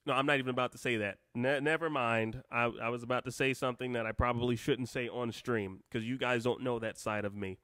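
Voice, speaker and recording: A man's voice: mid-range voice, steady tone, quick pace, hardly any pauses, a bit bright, no room sound, studio quality. A man hosting a live stream, reading out comments and taking calls, rambling and cutting himself off with joking asides.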